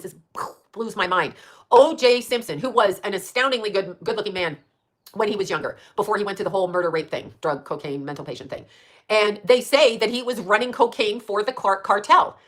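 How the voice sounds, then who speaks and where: A woman's voice: mid-range voice, a bit bright. A woman hosting a stream, ranting in a rambling, profane monologue full of rhetorical questions.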